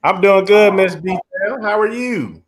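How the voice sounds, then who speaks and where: A man chatting on his own livestream in a slightly high voice. He talks emphatically, circles back over the same phrases and laughs easily between points. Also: a little slow. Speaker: live stream host. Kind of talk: casual live-stream chat.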